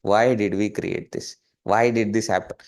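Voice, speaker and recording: A man with an Indian English accent, a spiritual teacher giving a conversational webinar talk, animated and full of rhetorical questions and acted-out examples. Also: fairly low pitch, normal speed. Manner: animated, acts out questions and quoted people. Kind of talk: webinar talk on joyful living.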